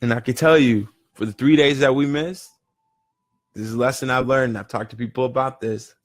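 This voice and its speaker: A man's voice: mid-range voice, steady tone, fairly quick. A man leading a daily group session, giving a motivational talk and telling stories with many restarts and fillers. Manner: rambling storytelling, with frequent restarts and "you know". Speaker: session leader in a year-long daily challenge.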